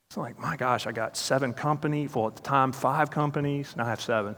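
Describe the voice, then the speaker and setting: A man's voice: fairly high pitch, expressive, brisk, few pauses, a bit bright. A man with a slightly raised voice gives a motivational talk, telling a story and acting out the other people in it. He turns to the audience with direct questions. His voice rings out with the long reverb of a large hall. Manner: storytelling, acting out quoted dialogue. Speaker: speaker.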